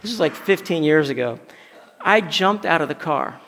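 A man's voice: fairly high pitch, lively intonation, normal speed, a bit bright. A male pastor preaching a conversational sermon, telling stories and often stumbling over and repeating words. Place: church sanctuary. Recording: long hall reverb.

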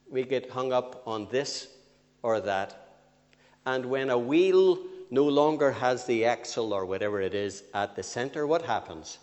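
Older guy giving a sermon, slow and deliberate, long hall echo. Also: medium pitch. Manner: lively with sudden rises and drops, slow emphatic phrasing. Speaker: preacher. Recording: long reverb of a church hall.

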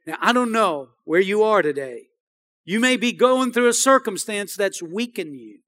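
A man's voice: sits high, expressive, moderate pace, a bit bright. A man preaching a sermon as pastor, emphatic, often asking the congregation for an "Amen.". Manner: emphatic, repeats phrases and asks the congregation "Amen?".

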